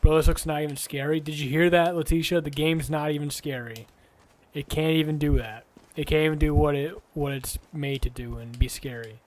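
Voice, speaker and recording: A man's voice: a little high, steady tone, a little fast. Brash, profane young male streamer. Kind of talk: live game-stream commentary.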